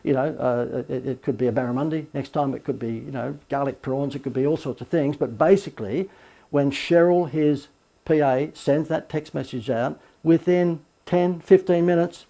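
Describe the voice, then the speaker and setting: A man, a marketing coach, giving a recorded course lecture full of lively anecdotes and emphatic asides. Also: mid-range voice, normal speed, gravelly.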